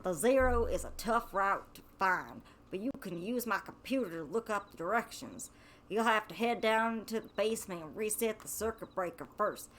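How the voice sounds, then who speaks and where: A woman's voice: mid-range voice, fairly bright tone, a little hiss or hum, close to an everyday voice. A woman doing a drawling old gas station man. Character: gray-haired old man running a gas station, folksy and friendly.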